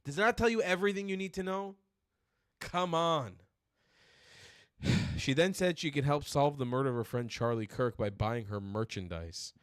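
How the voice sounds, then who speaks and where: Angry guy ranting on his stream, cursing nonstop, kinda high voice, dead dry sound. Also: moderate pace, long pauses, clear, resonant tone, no echo. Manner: furious, profane ranting. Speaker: streamer host. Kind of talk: angry political commentary stream.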